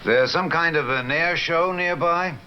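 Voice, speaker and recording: An actor playing a blunt major. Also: male voice, on the high side, a little slow, lightly acted. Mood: suspicious. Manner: blunt, questioning. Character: brusque male American air base major. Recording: muffled old TV audio with light hiss.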